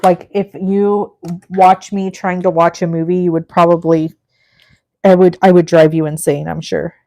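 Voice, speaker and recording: A woman's voice: fairly low pitch, level tone, measured pace, dark tone. Gushing, chatty middle-aged woman host. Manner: gushing, effusive and chatty, talking to the chat. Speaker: crafting livestream host. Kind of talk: live crafting demo chatting with viewers.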